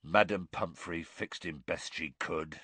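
A man reading aloud voicing a huge, gentle half-giant gamekeeper who talks thickly and gruffly. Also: low-pitched, a little slow, no room sound, voice pushed down, full character voice. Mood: miserable.

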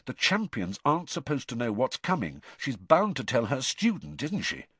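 A man's voice: mid-range voice, huge pitch swings, fairly bright tone, husky, dry recording, heavily acted. Charlie, blunt young dragon keeper voiced by a man. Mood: matter-of-fact. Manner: brisk, matter-of-fact, grim.

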